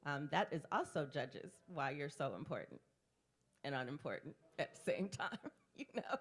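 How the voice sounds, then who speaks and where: Lively, brash woman hosting a slam. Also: deep voice, moderate pace. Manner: brash, teasing, profane crowd work. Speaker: poetry slam host. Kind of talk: live emcee banter. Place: live poetry venue in a bar.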